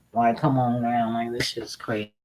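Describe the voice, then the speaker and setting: A woman streaming a casual, profane rant, animated and laughing often as she talks. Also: very deep voice, slow, poor audio. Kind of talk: casual ranting monologue.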